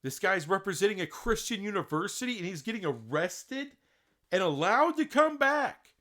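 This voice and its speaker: A man delivers an opinionated sports rant in a fairly high voice. His pitch swings widely as he presses point after point. He sounds indignant and fires off rhetorical questions. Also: very animated, normal speed, sharp tone. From Texas. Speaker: sports commentator. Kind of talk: opinionated solo commentary.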